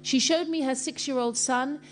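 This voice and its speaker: A woman giving an impassioned religious talk to a congregation, telling stories earnestly and emotionally with many pauses. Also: high voice, slight background noise. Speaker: speaker addressing a Muslim congregation.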